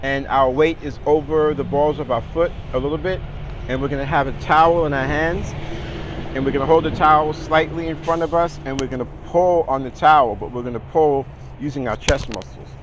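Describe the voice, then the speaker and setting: In a slightly high voice at a brisk pace, a man gives a relaxed, casual singing lesson with exercises, walking through posture steps and checking in with "all right?" and "okay." The audio is dull, with outdoor traffic noise behind.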